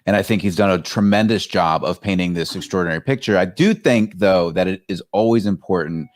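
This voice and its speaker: A man with a somewhat low voice co-hosts a casual livestream chat. He sounds reflective and even-handed, carefully weighing one point against another. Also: a little fast. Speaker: co-host.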